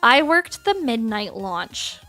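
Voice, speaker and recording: A woman's voice: on the high side, very animated, slow pace, bright, forceful tone, faint music behind. A woman in her thirties chatting casually on a livestream, playful, laughing often and swearing freely. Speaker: streamer.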